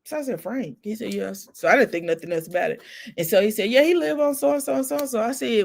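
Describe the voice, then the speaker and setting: A middle-aged woman hosting a casual chat stream, telling emotional family stories with laughs and soft asides. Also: on the high side, quick pace, vocal fry. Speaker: host. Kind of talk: casual heartfelt storytelling.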